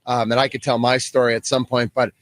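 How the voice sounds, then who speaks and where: A middle-aged man co-hosting sports talk radio, speaking in a measured way with a few fillers. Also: medium pitch, little pitch movement, a bit bright, no echo. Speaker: radio co-host.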